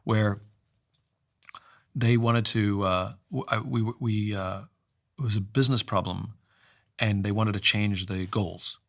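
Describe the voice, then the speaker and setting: A man talking through a story in a conversation, reflective, restarting often and letting his sentences trail off low. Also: fairly even intonation, unhurried, pauses often, no room sound, clean studio sound.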